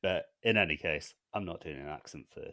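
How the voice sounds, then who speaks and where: A man's voice: deep voice, a little fast, sharp tone, no room sound. A man, a podcast co-host reading out a prepared scheme in a wry, mock-formal way.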